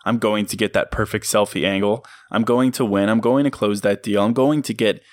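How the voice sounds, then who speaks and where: A man hosts a motivational podcast on his own, pressing his points with emphatic sincerity. His voice sits low, and he laughs easily between thoughts. The sound is dry and close, with no room around it. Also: steady tone, fairly quick, no echo. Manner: earnest, emphatic, laughs often. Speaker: podcast host. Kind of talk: motivational solo podcast talk.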